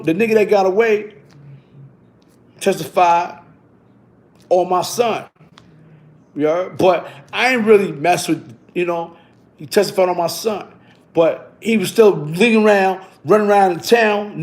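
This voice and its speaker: A middle-aged man telling a story in casual street slang, tagging lines with "you heard?". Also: high-pitched. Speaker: vlogger.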